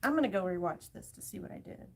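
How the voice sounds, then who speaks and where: A woman's voice: mid-range voice, expressive, quick pace. A woman hosting a live sewing show, chatting casually and self-deprecatingly while she works. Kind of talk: casual live demo chat.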